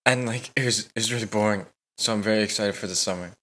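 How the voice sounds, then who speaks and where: A man's voice: on the low side, quick pace, sharp tone. A teenage man co-hosting a podcast in casual chat, rambling with lots of "like", swearing and giggling. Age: late teens. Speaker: podcast co-host.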